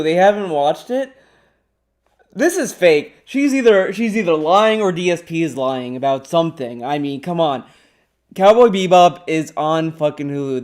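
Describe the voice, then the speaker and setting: Man, streamer, rambling excitable talk, swears a lot, fairly high voice. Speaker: streamer reacting to a clip. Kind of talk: casual stream commentary.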